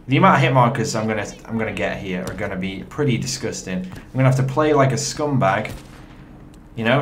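A man's voice: medium pitch, slight background noise. A young man, chatting to viewers while commenting on his own gameplay from a home setup. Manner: chatty, excitable, talks to viewers. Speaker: gaming commentator.

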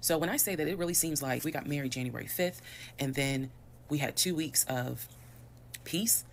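A woman, telling a personal story in a fast, animated and detailed way. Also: low-pitched, slight background noise. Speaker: storyteller in a played video.

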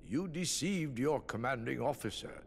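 An actor playing an aged, dignified emperor in a game cutscene, speaking in a measured, formal, ceremonious way. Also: male voice, medium pitch, animated, creaky, big-room sound, slight background noise. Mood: stately.

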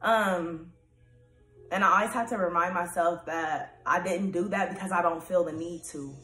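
A woman's voice: fairly low pitch, moderate pace, soft background music. A young woman vlogging in a casual, candid monologue, rambling with lots of fillers and often laughing. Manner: laughs often, turns loud and animated when excited. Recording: echoey room.

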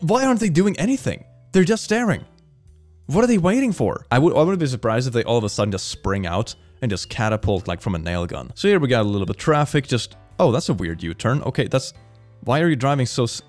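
Young guy reacting to clips, super swoopy voice, jokey and excitable, light music behind. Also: mid-range voice. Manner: excitable, jokey, gasps and laughs often. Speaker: reaction video host. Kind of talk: casual reaction commentary.

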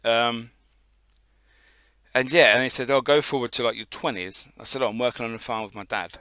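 A man on a casual podcast tells a rambling story and swears freely along the way. His voice is bright and sharp, and it sounds close and dry, with no room echo. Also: medium pitch, steady tone, brisk, clean tone. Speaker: podcast co-host.

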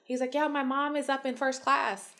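A young woman co-hosting a podcast speaks in a high-pitched, somewhat bright voice with flat delivery at a moderate pace. Chatting casually, she tells animated, bluntly profane stories, imitating the people in them and laughing frequently.

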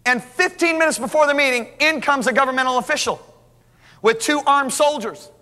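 Animated guy preaching, bright high voice, long hall echo, acts out every line. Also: fairly quick. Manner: animated, acts out dialogue, restarts. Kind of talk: storytelling sermon. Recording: hall reverb.

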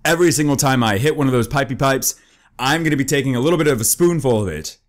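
A young gaming YouTuber with a mid-range voice talks fast, joking through his commentary while eating wasabi. He's excitable, groaning and yelping, eyes watering and voice strained from the spice.

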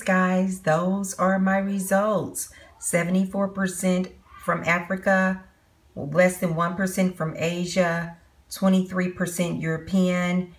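A middle-aged woman vlogging to camera at home, chatting excitedly as she reads results off her computer. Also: fairly low pitch. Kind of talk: casual vlog to camera.

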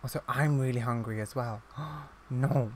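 A man's voice: mid-range voice, measured pace, darkish tone, slight background noise. A man giving casual let's-play commentary on his own gameplay, chatty and easily flustered, exclaiming again and again when things go wrong. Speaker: gaming YouTuber.

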